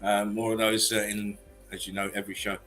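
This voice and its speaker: A man's voice: fairly low pitch, monotone, a little fast, a bit bright, soft background music. A man hosting a livestream chat show, talking in a loose, chatty way and laughing easily. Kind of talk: casual chat.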